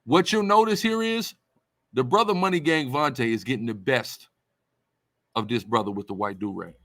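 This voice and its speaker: A man's voice: mid-range voice, moderate pace, fairly bright tone, dry recording. A man giving preaching-style commentary as a religious teacher, emphatic and repetitive in a conversational way.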